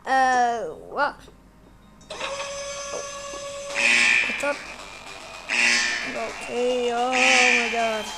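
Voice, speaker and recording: A high-pitched woman narrates her game in an unhurried, rambling way, breaking into shrieks when startled. Loud game music plays behind her. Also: level tone. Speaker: gamer. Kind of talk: let's play commentary.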